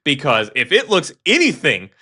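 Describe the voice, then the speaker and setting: A man co-hosting a casual game talk show, animated and opinionated, often restarting his sentences. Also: on the high side, normal speed, husky. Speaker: game podcast co-host. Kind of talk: casual chat.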